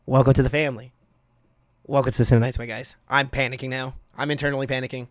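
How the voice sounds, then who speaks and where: A man streaming live, casually chatting and thanking viewers, excitable with sudden yells, his voice going hoarse from yelling. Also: medium pitch, fast, dry recording, clean studio sound.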